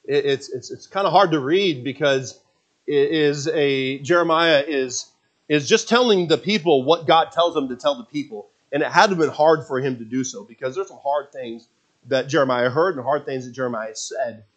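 A man preaching a sermon as pastor, swinging between loud emphatic passages and quiet, confiding asides. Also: mid-range voice, moderate pace.

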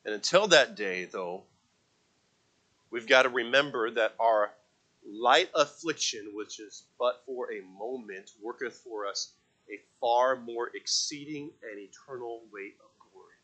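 A man preaching a sermon to a congregation, swinging from quiet, conversational stretches to loud, impassioned calls with repeated words. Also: mid-range voice, a little slow. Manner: asks the congregation to read aloud with him. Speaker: pastor.

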